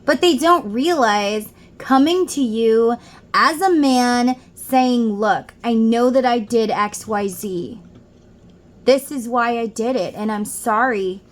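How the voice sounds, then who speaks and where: A woman's voice: a little high, slow. Chatty woman giving a spiritual reading at home. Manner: chatty, reads lyrics aloud and explains them. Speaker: tarot reader.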